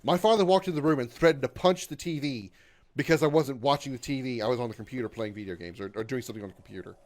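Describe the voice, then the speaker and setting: A man in his thirties talks loosely to his stream while he plays. He is sarcastic, swears freely, reads viewers' messages aloud, and yelps loudly when his character is in danger. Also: medium pitch, quick pace. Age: 30s. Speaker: gaming livestreamer. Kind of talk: casual gaming stream chat.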